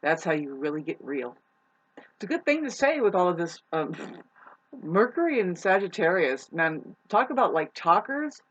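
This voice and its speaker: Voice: medium pitch, very animated, normal speed, fairly bright tone, highs cut off. Rambling, casual astrology vlogger. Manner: meandering, many restarts, swears casually. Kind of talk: casual rambling monologue to viewers.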